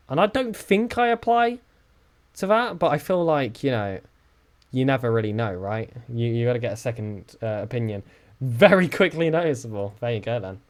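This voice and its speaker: A young man from the south of England with a southern English accent, chatting casually with his live-stream viewers and joking around. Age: young adult. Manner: chatty and joking, with lively swings in pitch.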